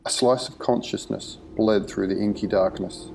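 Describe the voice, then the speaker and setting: A man narrating a horror short story in a measured, vivid storytelling manner. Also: lowish voice, fairly even intonation, gravelly, darkish tone, soft background music, poor audio.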